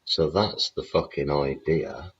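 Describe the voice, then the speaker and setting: A man with a very deep, rough, husky voice rants bluntly through a show, swearing constantly and sneering with sarcasm. The sound is muffled and lo-fi, like a cheap stream mic. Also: slow, a bit bright. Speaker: show host. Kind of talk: ranting livestream commentary. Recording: dull lo-fi audio.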